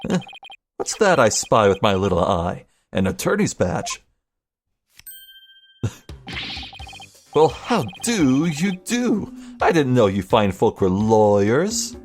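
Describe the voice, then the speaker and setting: A man voicing a brash, sleazy middle-aged TV producer with fast showbiz patter. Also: mid-range voice, sing-song, faint music behind. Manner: fast-talking showbiz patter, drawn-out taunts.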